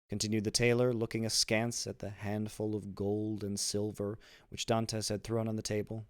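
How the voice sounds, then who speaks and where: A man reading a classic novel aloud in an expressive, animated way. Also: on the low side, moderate pace, no room sound, studio quality. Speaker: reader, esports personality.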